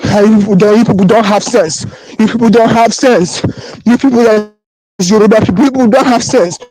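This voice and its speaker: A man's voice: high voice, fairly quick, a little mellow, slightly rough, low-quality recording. A man with a Nigerian accent recording an impassioned voice note on his phone, pleading and repeating himself with emotion. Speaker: voice-note sender.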